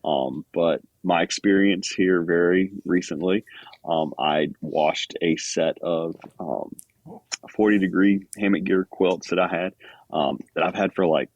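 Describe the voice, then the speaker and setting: A man's voice: deep voice, a little slow, a little mellow, dry recording, lo-fi sound. A man guest on a podcast, talking casually with lots of fillers and self-deprecating asides. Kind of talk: casual chat.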